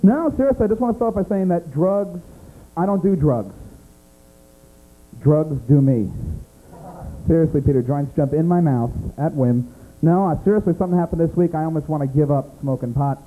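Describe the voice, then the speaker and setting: A man's voice: a little high, normal speed, narrow, tinny audio. An American man doing stand-up comedy in a small club, teasing audience members by name in a brash way. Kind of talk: stand-up comedy set with crowd work.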